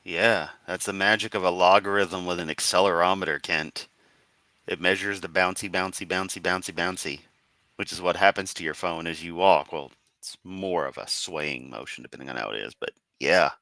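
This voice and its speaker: A man's voice: sits low, moderate pace, pushed and bright, no room sound. A man streaming casual commentary, sarcastic and teasing, often breaking into laughter. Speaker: streamer reacting to a video.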